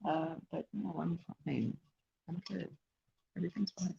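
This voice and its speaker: A woman's voice: lowish voice, animated, measured pace, vocal fry, dark tone, breathy edge, lo-fi sound. A woman casually chatting on a live stream, rambling and laughing at herself. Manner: rambling, self-deprecating, laughs often.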